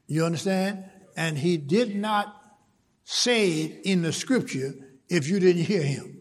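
Preacher, male, slow deliberate delivery, high husky voice, church reverb. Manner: repeats words, builds to emphatic preaching. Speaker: pastor. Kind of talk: sermon.

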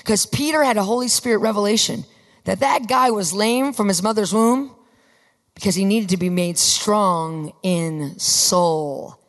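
A woman preaching a sermon with fervor, often rising to emphatic shouts. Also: lowish voice. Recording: long reverb of a large hall.

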